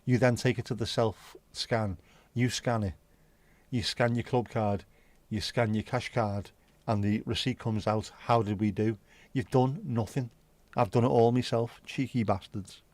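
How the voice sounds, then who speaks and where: A man chats casually on his livestream, wandering from topic to topic with blunt, sweary asides. His voice sits at a middling pitch. The sound is dry and close, with no room echo. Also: steady tone, a little slow, darkish tone. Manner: rambling, chatty, sweary asides. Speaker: livestream host. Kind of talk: casual solo livestream chat. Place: home.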